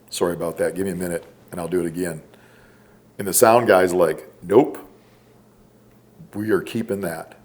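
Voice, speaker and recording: A middle-aged man, a podcast guest, telling stories casually and quoting the people in them. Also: sits low. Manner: relaxed, drawn-out storytelling with quoted dialogue. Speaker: podcast guest, former special forces operator. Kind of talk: casual storytelling.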